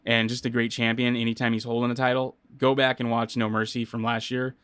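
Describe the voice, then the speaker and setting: A man's voice: medium pitch, monotone, brisk, fairly bright tone, clear, resonant tone, no echo. A man hosting a solo podcast, talking casually and rambling with many fillers and restarts. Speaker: podcast host. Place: home studio.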